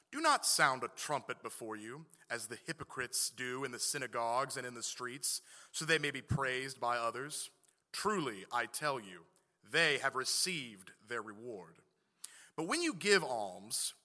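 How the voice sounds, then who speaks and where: Male lector reading scripture; formal and measured, bright tone, echoing sanctuary. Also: mid-range voice. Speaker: scripture reader. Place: church sanctuary. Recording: long church hall reverb.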